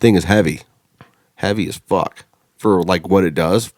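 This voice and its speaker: A man hosts a casual podcast chat in a lowish voice, loose and crude, swearing freely. He sounds dry and close-miked. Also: a little slow, a little mellow, no echo. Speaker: podcast host.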